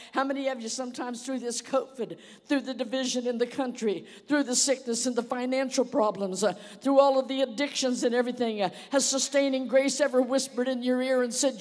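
Woman preacher, vivid storyteller, slightly high voice, long church reverb. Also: fairly quick, few pauses, a little mellow. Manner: vivid storytelling, frequent "uh" fillers. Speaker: guest speaker. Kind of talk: sermon.

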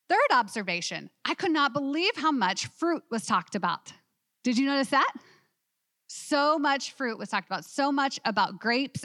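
A woman teaching a women's Bible study class, animated and asking her listeners questions. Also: medium pitch, no echo, clean studio sound.

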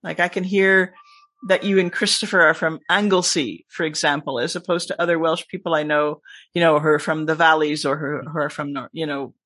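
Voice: medium pitch, fairly quick, dry recording. Emphatic guest, American-Scottish accent. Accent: mostly American with a Scottish tinge. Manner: lively, emphatic, frequent laughs and asides. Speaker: podcast guest, teacher. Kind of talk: casual conversation.

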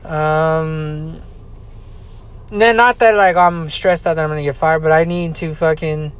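A man on a podcast, venting in an angry personal monologue, swearing constantly and repeating himself between halting fillers. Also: on the high side, steady tone, clean tone. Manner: profane, ranting, repetitive.

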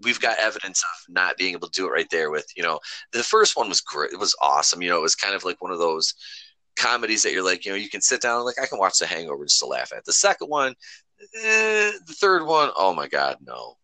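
A deep-voiced man hosts a podcast, talking briskly in casual chat that rambles and swears freely as he tells stories with animation. There is no room sound on the recording.

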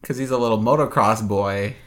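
A young man co-hosting a podcast, tossing in quick sarcastic quips while recapping a movie. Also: lowish voice. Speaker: podcast co-host. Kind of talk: casual movie recap chat.

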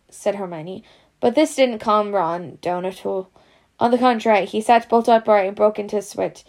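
A woman's voice: mid-range voice, moderate pace, a little mellow. A woman reading a storybook aloud in a casual, unpolished way. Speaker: reader.

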